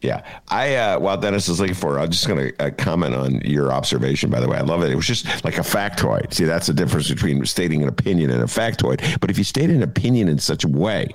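A man with a very deep, low voice hosts a casual political chat. His pitch swings widely as he muses and riffs between many fillers. The sound is close and dry. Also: quick pace, hardly any pauses, no room sound. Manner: animated, musing, many fillers. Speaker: host.

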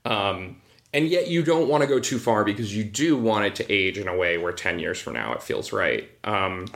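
Animated storytelling man, low voice. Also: normal speed, vocal fry. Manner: animated storyteller, acts out quotes, laughs often. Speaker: TV animation writer, guest. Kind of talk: casual podcast interview.

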